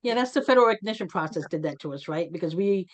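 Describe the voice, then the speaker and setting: Woman host, lowish voice, earnest and conversational, video call meeting. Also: lively intonation, very fast. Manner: earnest, conversational, calls on participants. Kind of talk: online community meeting discussion.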